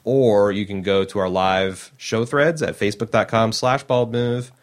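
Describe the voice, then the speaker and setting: A man's voice: fairly low pitch, steady tone, a little slow. A man hosting a podcast in casual chat, reading out listener feedback in a wry, joking way. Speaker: podcast host.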